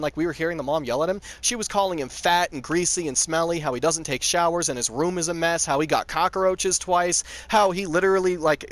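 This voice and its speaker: A man's voice: high-pitched, a bit bright, no room sound. A man telling a story in a casual, rambling way, full of filler words and casual swearing.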